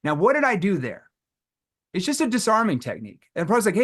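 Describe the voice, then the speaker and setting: Middle-aged male sales coach, animated seminar delivery, voice sits a bit high. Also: quick pace. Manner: energetic, role-plays scripted sales calls. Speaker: sales trainer. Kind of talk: live training seminar.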